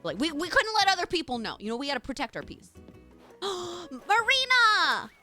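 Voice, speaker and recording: A woman's voice: sits high, huge pitch swings, rapid-fire, fairly bright tone, soft background music. A woman streamer chatting casually with her live chat while playing a game. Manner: chatty, bubbly, talks to chat.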